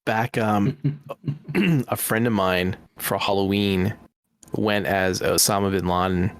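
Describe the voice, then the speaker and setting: A man hosting a casual comedy podcast, easygoing and quick to laugh. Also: on the low side, clear, resonant tone, no room sound. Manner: laid-back, laughing, steering the talk. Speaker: podcast host.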